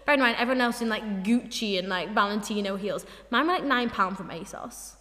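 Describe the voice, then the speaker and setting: A woman's voice: medium pitch, fairly quick, pushed and bright, long reverb tail. A young woman co-hosting a podcast, chatting casually and playfully, slipping into mock voices. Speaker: podcast co-host. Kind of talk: casual chat.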